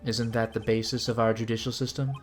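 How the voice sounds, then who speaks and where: Guy doing a calm serious prosecutor, measured, kinda lecturing. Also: mid-range voice, soft background music, voice pushed down, natural voice. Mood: stern. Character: composed, stern male prosecutor mentor.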